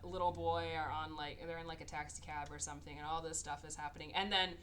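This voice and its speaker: A woman co-hosting a podcast, retelling a movie plot in a casual, animated way and acting out the characters' lines. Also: low-pitched, quick pace, a little hiss or hum. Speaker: podcast co-host. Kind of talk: casual movie recap chat.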